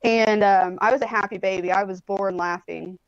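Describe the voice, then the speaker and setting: A woman's voice: medium pitch, fairly even intonation, moderate pace, no room sound, muffled recording. A woman in her forties from Indianapolis, a guest telling stories in a rambling, casual way with plenty of swearing. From Indianapolis, USA. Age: 40s. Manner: rambling storyteller, swears freely, many "like" and "um". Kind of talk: casual chat. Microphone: phone or tablet on a video call.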